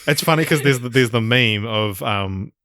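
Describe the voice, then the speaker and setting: A man's voice: mid-range voice, moderate pace, sharp tone, dry recording. A man co-hosting a casual film podcast, talking with rambling enthusiasm and swearing freely. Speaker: podcast co-host.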